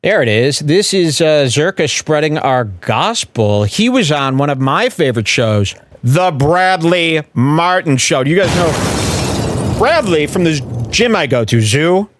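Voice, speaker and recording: A man's voice: on the high side, lively intonation, a little slow, noisy background. A man hosting a show, giving wry commentary while he plays clips. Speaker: host.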